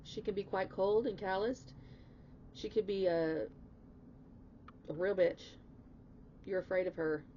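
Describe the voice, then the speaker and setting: A woman's voice: mid-range voice, unhurried, long pauses, mellow, muffled recording, slight background noise. A woman giving a casual spoken tarot reading, emphatic and chatty, swearing bluntly and swinging into emotional outbursts. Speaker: tarot reader.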